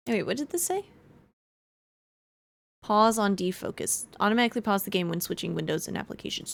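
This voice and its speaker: A woman's voice: medium pitch, animated, fairly quick, creaky, long pauses. A young woman streaming a game, chatting casually and reading menu text aloud. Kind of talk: casual live-stream commentary.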